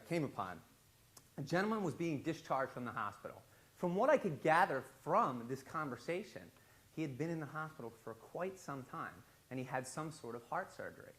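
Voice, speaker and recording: A man telling an animated story on stage in a large, very echoey hall. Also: on the high side. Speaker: public speaker. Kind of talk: storytelling talk. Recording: very echoey hall, faint ambience.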